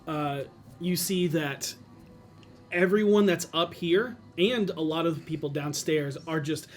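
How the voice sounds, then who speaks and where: A man's voice: a little high, measured pace, faint music behind. A man running a tabletop role-playing game, speaking casually and hesitantly. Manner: hesitant, with fillers and restarts. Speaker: game master.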